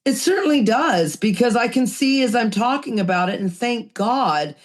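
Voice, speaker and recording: A woman's voice: on the high side, animated, moderate pace. Earnest woman podcast host, preachy tone. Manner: earnest, preachy, self-scolding, stretches words for emphasis. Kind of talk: recovery podcast talk, reading and commenting.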